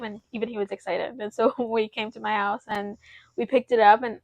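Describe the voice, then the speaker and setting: A young woman co-hosting a podcast, telling a personal story in an animated way and close to tears. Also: on the high side, fast, no echo. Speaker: podcast co-host. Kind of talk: casual chat.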